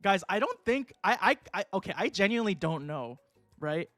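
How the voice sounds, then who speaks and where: A young adult man streaming a game, talking casually and excitably, swearing and laughing often. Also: high-pitched, moderate pace, dry recording, faint music behind. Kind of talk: casual livestream commentary.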